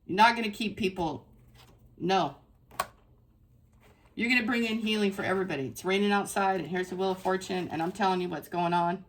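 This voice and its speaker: A woman's voice: mid-range voice, a little fast, long pauses, a little hiss or hum. A woman giving a casual spiritual tarot reading to her viewers, effusive and emphatic, repeating phrases for stress. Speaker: tarot reader.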